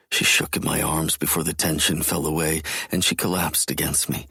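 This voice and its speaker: A man narrating a first-person romance audiobook in a low, intense voice. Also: flat delivery, moderate pace, pushed and bright, no echo, clean studio sound. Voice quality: very deep, husky.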